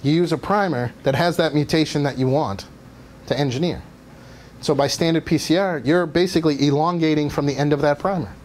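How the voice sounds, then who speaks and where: A man's voice: fairly high pitch, a little fast, a little mellow. A man giving a university guest lecture, explaining methods step by step and now and then asking the audience questions. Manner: explanatory, asks audience questions, some fillers. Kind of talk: academic lecture. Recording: faint background noise.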